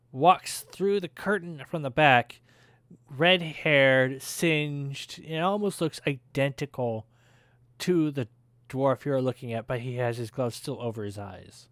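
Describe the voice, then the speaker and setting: A man running a tabletop game as game master, narrating in a slow, hesitant way with many fillers. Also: fairly high pitch, fairly bright tone, clear, resonant tone, no room sound, studio quality.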